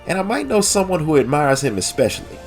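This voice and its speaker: A man puts on a lively young woman who stumbles over her words when caught off guard. He pushes his voice clearly higher than usual, and a nasal edge stays through it. Faint music plays underneath. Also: fast. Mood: flustered. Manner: flustered, stammering, casual.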